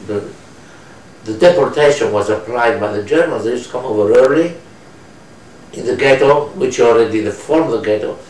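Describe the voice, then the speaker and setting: An older man recounting his memories in an oral history interview, speaking slow, halting, non-native English and searching for words. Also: medium pitch, darkish tone. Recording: roomy distant mic with faint noise.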